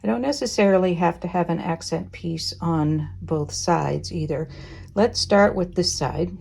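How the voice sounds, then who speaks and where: Slow, gravelly-voiced woman quilting. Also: fairly low pitch. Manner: relaxed, thinking aloud, gentle asides. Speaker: quilting teacher. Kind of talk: casual sewing tutorial.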